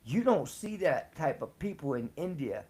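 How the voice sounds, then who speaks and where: A man with a fairly high-pitched voice tells personal stories in a relaxed, slangy way. He swears freely and breaks into laughter often. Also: moderate pace, husky. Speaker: storyteller on a live show. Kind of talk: casual storytelling.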